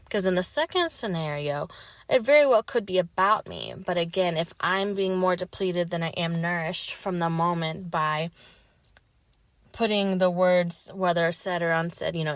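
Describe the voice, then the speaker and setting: A woman's voice: fairly low pitch, a bit bright, no room sound. A woman hosting a solo podcast, talking reflectively in a rambling way with many fillers. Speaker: podcast host.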